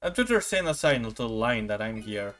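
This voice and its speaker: A man's voice: mid-range voice, very animated, a little fast, fairly bright tone, soft background music. Young man streaming a game, jokey. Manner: casual, jokey asides. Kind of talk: game playthrough reading.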